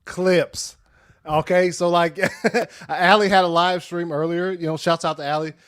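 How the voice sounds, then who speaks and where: A young man co-hosting a casual livestream, talking in relaxed slang and laughing often. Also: high voice, a little slow, smooth. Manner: laid-back slang and frequent laughter. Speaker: co-host.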